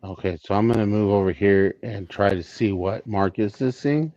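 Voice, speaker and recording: Low-voiced man on a dull, dry mic. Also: moderate pace, mellow, dry recording. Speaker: player. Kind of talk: casual tabletop game chat.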